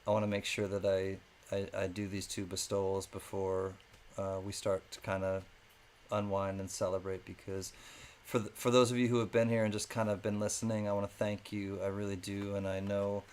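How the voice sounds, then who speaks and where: A man's voice: fairly low pitch, level tone, moderate pace, a little mellow, slight background noise. Chatty male live-stream auctioneer. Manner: chatty, thanks viewers by name, drops into sing-song calls.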